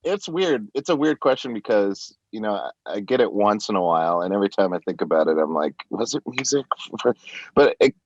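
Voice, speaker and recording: A man with a very low voice talks casually as a podcast guest, playful and quick to laugh. The recording is dry and a little dull, with no room sound around him. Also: animated, a little mellow, no echo. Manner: playful, laughs often, slips into put-on accents. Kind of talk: casual interview chat.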